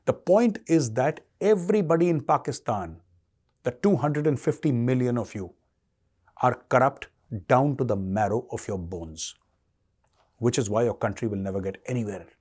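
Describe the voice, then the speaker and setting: A man's voice: medium pitch, animated, normal speed, mellow, slightly rough. A middle-aged man with an Indian English accent giving a combative political monologue, taunting and sarcastic, repeating rhetorical questions. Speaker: commentator.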